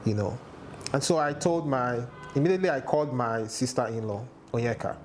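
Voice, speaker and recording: A man's voice: medium pitch, darkish tone, faint music behind. Emotional man telling a painful story. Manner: halting, emotional, voice rising when distressed. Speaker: interview guest. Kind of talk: emotional personal testimony.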